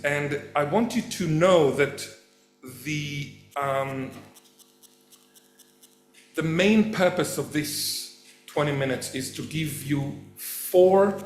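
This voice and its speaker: A man giving a public lecture as a professor, animated and quick to act out the voices he quotes. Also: mid-range voice, a little hiss or hum. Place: event hall. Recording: echoey hall.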